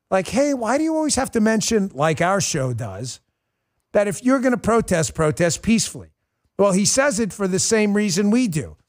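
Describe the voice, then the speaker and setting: A middle-aged man hosts a talk show with a high-set voice. He rants in a mocking, animated monologue and drops into sarcastic put-on voices. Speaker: show host.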